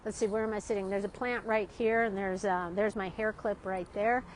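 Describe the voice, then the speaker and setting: This art-teacher vlogger talks fairly quickly in a mid-range voice with fairly even intonation. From an outdoor café on a city street she chats and rambles, laughing plenty and tacking "right?" onto her sentences. The recording is rough, with street ambience and a bit of hiss or hum.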